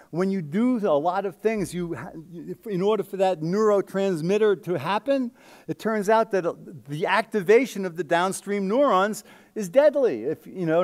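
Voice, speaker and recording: A man giving an emphatic, conversational scientific talk at a conference, often checking in with the audience. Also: high voice.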